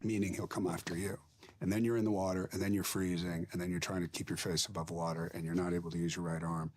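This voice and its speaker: A man's voice: low-pitched, flat delivery, fast, darkish tone. A male film actor being interviewed, telling reflective and wry stories about his work. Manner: thoughtful, wry anecdotes with laughs.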